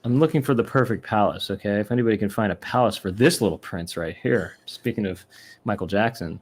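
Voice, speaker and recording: A man's voice: fairly low pitch, a little fast, husky. A man co-hosting a casual online chat show, joking and rambling as his sentences trail off. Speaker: co-host.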